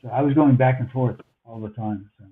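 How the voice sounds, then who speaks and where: A man's voice: medium pitch, fairly quick. An older man from New York City with a New York accent, a recording engineer telling long rambling stories full of fillers and restarts. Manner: meandering, many fillers and restarts. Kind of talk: rambling anecdotal storytelling. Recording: tinny phone line.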